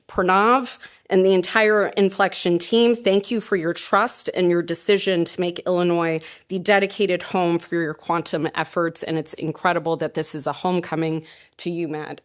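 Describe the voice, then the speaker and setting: A woman's voice: on the low side, fairly even intonation, normal speed. A woman, the head of an economic development group, giving an upbeat prepared speech at a press conference and working through lists of thanks. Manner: upbeat, reads thank-you lists, laughs at own jokes.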